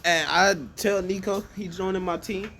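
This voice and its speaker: A young man in casual chat, excitedly spinning an imagined story, laughing often and acting out lines. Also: sits high, moderate pace, slight background noise.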